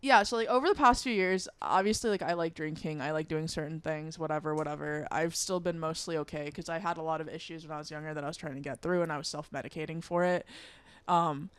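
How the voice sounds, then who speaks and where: A woman's voice: sits low, fast talker, fairly bright tone, smooth, no echo. A young woman co-hosting a podcast, telling stories in a chatty way with lots of fillers. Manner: chatty storyteller, filler-heavy. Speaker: podcast co-host. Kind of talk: casual chat.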